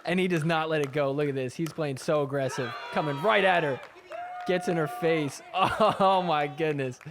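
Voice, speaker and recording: A man's voice: fairly high pitch, normal speed, noisy background. A man hosting a podcast, casually recapping sports clips with a sarcastic, chatty manner. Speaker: podcast host.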